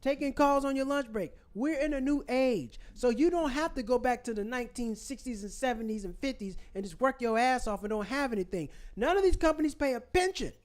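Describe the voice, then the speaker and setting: A man with a strikingly high-pitched voice delivers a heated vlog rant. He preaches at his viewers, hammering the same phrases over and over. It is casual, unscripted commentary from a channel host. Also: animated, brisk, hardly any pauses. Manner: fired-up, preachy, repeats phrases for emphasis.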